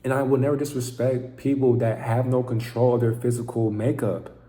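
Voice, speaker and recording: A man's voice: medium pitch, level tone, fairly quick, warm tone, echoey room. A man giving an intense, profane, preaching monologue to camera as a vlogger.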